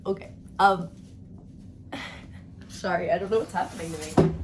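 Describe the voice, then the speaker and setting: A woman giving a casual tarot card reading, bubbly and rambling as she talks excitedly. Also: fairly low pitch, moderate pace, roomy sound, very noisy. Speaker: tarot reader.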